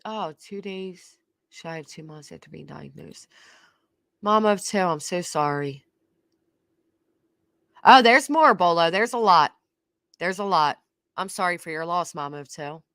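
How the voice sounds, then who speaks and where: A woman's voice: on the low side, expressive, a little slow, pauses often, fairly bright tone, dry recording, clean studio sound. A middle-aged woman hosting a reaction commentary, sarcastic and scornful, repeating herself for emphasis. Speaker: commentary channel host.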